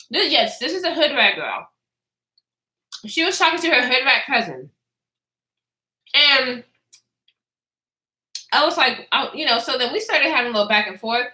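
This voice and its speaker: A woman's voice: sits high, expressive, normal speed, pauses often, sharp tone. A woman in her twenties telling a casual story to her live chat, blunt and profane, chatting back to the viewers as she goes. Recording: echoey room.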